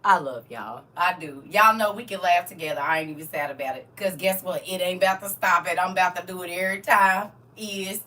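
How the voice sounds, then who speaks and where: A middle-aged woman hosting a livestream, laughing and teasing her viewers in casual chat, with a voice she calls croaky. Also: fairly low pitch, brisk, few pauses, pushed and bright, far from the mic. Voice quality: self-described croaky frog voice. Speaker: livestream host.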